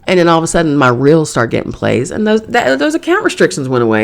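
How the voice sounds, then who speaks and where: A woman podcast host with a gravelly edge to her voice, speaking in a casual spiritual monologue. She talks bluntly and swears freely, like she's chatting with friends from her home. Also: low-pitched, big pitch swings, fast talker, few pauses. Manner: blunt, profane, conversational. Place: home in New York.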